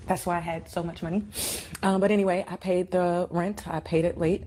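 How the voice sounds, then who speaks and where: A woman's voice: fairly low pitch, steady tone, normal speed, a little mellow, a little hiss or hum. A woman in a played clip recounting her situation, hesitant and emotional, with many ums. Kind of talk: personal account.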